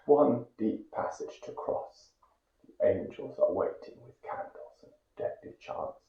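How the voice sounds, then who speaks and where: A man from Great Britain giving a dramatic poetry recitation, intense, moving between hushed whispers and loud cries. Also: mid-range voice, wildly swooping pitch, unhurried, vocal fry. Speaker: poetry reader. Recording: echoey, dull lo-fi recording.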